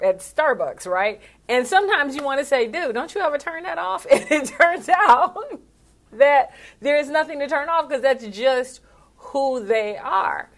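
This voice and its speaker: A middle-aged woman coaching on public speaking in an animated, conversational way with quick asides. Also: medium pitch. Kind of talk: casual talk to camera or live stream.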